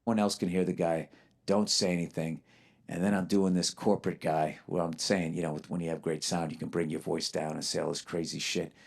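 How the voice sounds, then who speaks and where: A man's voice: sits low, little pitch movement, fairly quick, vocal fry. A man who is a stand-up comedian, telling stories on a podcast in a blunt way full of swearing. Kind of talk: profane podcast storytelling.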